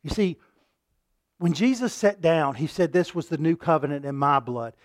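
A man preaching a sermon, rising to loud emphatic peaks and dropping to quiet asides, asking his listeners questions and repeating words for emphasis. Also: on the high side, expressive, normal speed, no room sound, studio quality.

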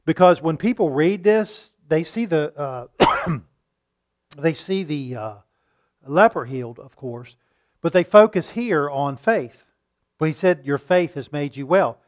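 Male preacher, fairly high voice, teaching tone with rhetorical questions. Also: slow. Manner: shifts between calm teaching and loud acted-out pleading. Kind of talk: sermon.

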